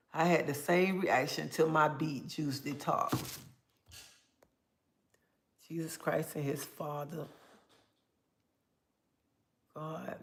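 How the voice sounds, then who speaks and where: An older woman hosting a casual livestream, reading viewer comments aloud and telling stories in a chatty, animated way. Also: deep voice, gravelly. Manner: chatty, animated storytelling with bursts of excitement. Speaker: livestream host.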